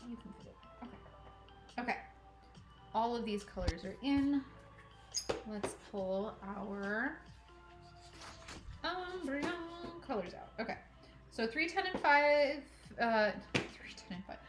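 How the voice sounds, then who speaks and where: This crafting livestream host is a woman who chats and giggles as she sorts thread at home, addressing herself and her cat. She speaks slowly with frequent pauses, in a slightly high, animated voice. Faint music and an echoey room color the recording.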